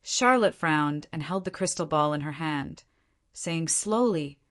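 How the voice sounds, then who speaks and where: A woman narrating an audiobook in an even, measured reading style. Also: low voice. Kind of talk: scripted narration.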